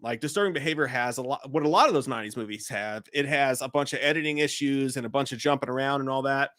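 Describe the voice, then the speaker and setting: A man's voice: medium pitch, fast talker, fairly bright tone, no room sound, studio quality. A man hosting a live-stream show, talking in loose, profane banter. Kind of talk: casual live-stream chat.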